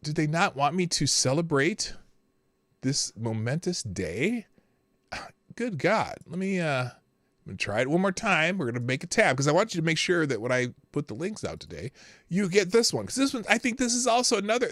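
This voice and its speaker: A man's voice: on the high side, sing-song, brisk, fairly bright tone, no room sound, clean studio sound. A middle-aged man hosting a live morning show, rambling and joking and often stumbling over his words. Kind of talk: casual live commentary.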